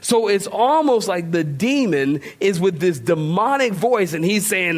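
Male pastor, high voice, informal sermon with lots of banter. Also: lively intonation, unhurried, few pauses. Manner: conversational, joking with the congregation.

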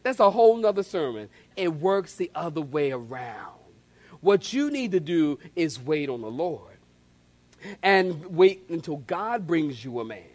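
A man preaching a sermon in an animated way, calling on the congregation to respond. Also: a little high, unhurried. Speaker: pastor.

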